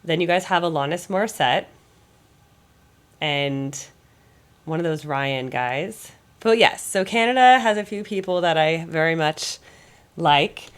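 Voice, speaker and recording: A woman's voice: sits low, a little slow, smooth. An American woman hosting a music reaction channel, chatting in a rambling, think-aloud way while getting over a cold. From United States. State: recovering from a cold. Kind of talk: casual reaction commentary.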